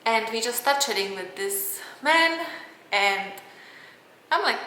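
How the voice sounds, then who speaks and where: A woman's voice: on the high side, lively intonation, slow, pauses often, pushed and bright, reverberant, a little hiss or hum, low-quality recording. A woman vlogger telling a personal story in casual chat, speaking English as a second language with many fillers. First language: not English. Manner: chatty, lots of "like" fillers, non-native phrasing.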